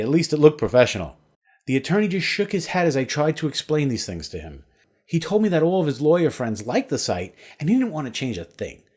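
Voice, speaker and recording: Male voice-over, upbeat promo read, animated intonation, scripted. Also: medium pitch. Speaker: sales pitch narrator. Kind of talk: scripted sales webinar voice-over.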